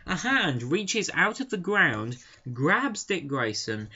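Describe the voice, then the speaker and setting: A young man talks through his review in a loose, chatty way, amused and a little sarcastic. His voice sits at an ordinary middle pitch. The recording sounds dull and lo-fi. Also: a bit bright. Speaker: comic book reviewer. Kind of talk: casual spoken review.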